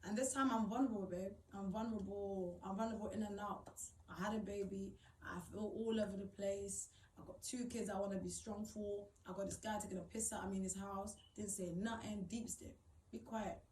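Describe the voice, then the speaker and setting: A woman's voice: mid-range voice, steady tone, a little fast, a little mellow, roomy sound, far from the mic, slight background noise, rough recording. A young woman telling a personal story to camera, blunt and swearing, rising to indignant outbursts. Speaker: vlogger.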